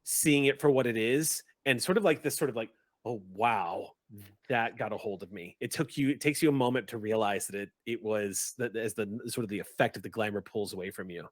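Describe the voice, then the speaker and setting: A man running a tabletop game as game master, narrating in a halting way as he searches for words. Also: mid-range voice, no echo.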